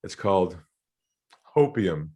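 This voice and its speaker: A middle-aged Australian man, a sales trainer, talks through an interview with a fairly low voice. He tells anecdotes with lively energy and jumps into acted quotes, laughing as he goes. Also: takes it slowly, background noise. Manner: animated storyteller, acts out quoted voices, laughs often. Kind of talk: storytelling interview talk.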